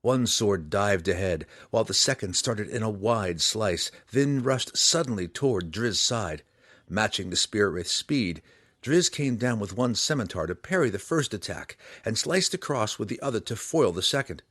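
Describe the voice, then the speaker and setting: A man reading a fantasy audiobook aloud, in a dramatic, lively way. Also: on the low side, normal speed, husky, dry recording, studio quality. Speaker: audiobook reader.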